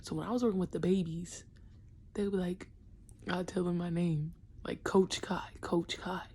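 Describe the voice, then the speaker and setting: A woman's voice: lowish voice, moderate pace, breathy edge. A young woman who coaches basketball, talking casually and with slang in a vlog, often half-whispering. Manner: animated, slangy, acts out kids' voices.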